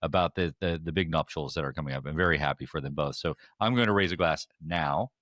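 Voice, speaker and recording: A man's voice: a bass voice, quick pace, fairly bright tone, no room sound, studio quality. A man hosting a casual podcast chat, rambling with many fillers and restarts. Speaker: podcast host.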